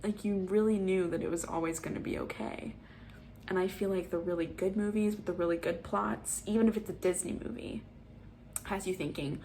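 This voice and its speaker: A woman in her twenties giving a casual, animated movie review as a vlogger, ranting with exasperation. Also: medium pitch, normal speed, a little hiss or hum. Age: 20s.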